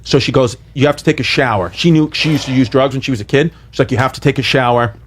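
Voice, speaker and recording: A man telling a comedic story on a podcast, animated and profane, acting out the lines he quotes. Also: mid-range voice, quick pace, slight background noise.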